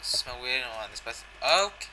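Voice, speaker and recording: A man's voice: mid-range voice, big pitch swings, fairly quick, background noise. A young man giving a casual, jokey video game walkthrough, swearing and reading the in-game dialogue aloud. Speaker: gaming channel host.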